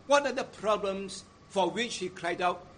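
A man preaching a sermon in a deliberate, emphatic way, stressing repeated phrases. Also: high voice, fairly bright tone.

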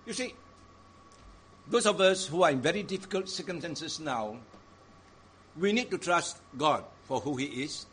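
Slow, lively-pitched male preacher. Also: a little hiss or hum. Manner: deliberate, emphatic, stresses repeated phrases. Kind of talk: sermon.

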